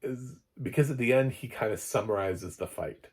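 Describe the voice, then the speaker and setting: A man's voice: mid-range voice, moderate pace, darkish tone. A man, a film critic, casually reviewing a show and rambling with lots of "like" and "you know.". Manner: rambling, filler-heavy, frequent "like" and "you know". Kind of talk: casual review talk to camera.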